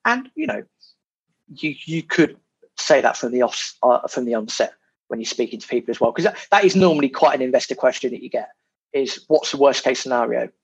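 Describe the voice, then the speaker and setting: This podcast guest has a mid-range, sing-song voice with a slight roughness, and he talks a little quickly. In a casual interview, he discusses property with animation, now and then swearing and repeating himself. The audio is dull and lo-fi.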